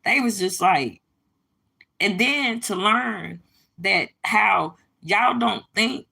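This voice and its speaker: Gravelly, husky woman preaching on a livestream. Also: mid-range voice, expressive, takes it slowly, sharp tone. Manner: emphatic, preachy, blunt and profane, addresses viewers as y'all. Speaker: livestream host. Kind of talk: casual livestream monologue.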